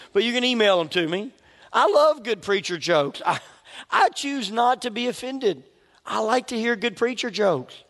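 A man's voice: sits high, creaky, a bit bright, big-room sound. A man preaching a sermon as pastor, conversational and humorous, acting out his own inner voices.

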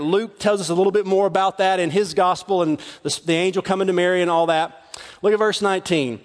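A man's voice: sits high, steady tone, fast. A middle-aged male pastor preaching a sermon in a conversational style, repeating words as he builds, in a large church hall. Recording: long hall reverb.

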